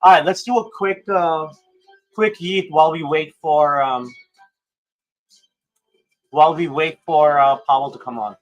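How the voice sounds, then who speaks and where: Hyped guy on a livestream, high voice, swears a lot, faint music in the back. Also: unhurried, long pauses, lo-fi sound. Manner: excitable, swears, swings from hyped to mumbling. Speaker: livestream host. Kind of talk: casual livestream chat.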